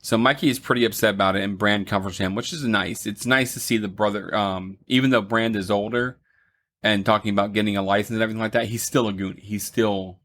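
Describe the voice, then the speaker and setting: A young man with a low voice walks through a movie's plot on a casual review podcast. He talks loosely, with plenty of ums, and slips in short laughs as he recaps scenes. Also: fairly even intonation, fairly bright tone. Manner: retells the plot with many ums, laughs and quick mock voices. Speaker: podcast co-host.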